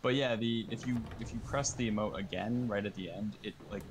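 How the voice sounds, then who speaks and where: A young man with a fairly low voice chats casually over a game stream and calls out raid instructions to his teammates. Clear background noise runs under his gaming mic. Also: fairly quick.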